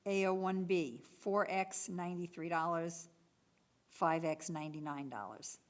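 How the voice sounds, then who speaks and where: Here a female municipal clerk calls out item codes and bid prices during a public bid opening. She delivers them in an even, businesslike manner with a lowish voice, going a little slowly.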